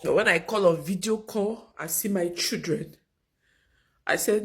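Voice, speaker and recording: A woman's voice: lowish voice, measured pace, a bit bright. A mother in an emotional personal video, pleading and on the verge of tears, her voice sinking almost to a whisper. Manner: pleading, voice dropping to near whisper. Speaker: mother leaving a marriage.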